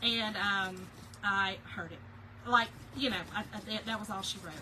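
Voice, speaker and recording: A woman's voice: medium pitch, steady tone, normal speed, sharp tone, a little hiss or hum, rough recording. A middle-aged woman, chatting casually and laughing with live viewers while she crafts. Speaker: craft livestream host.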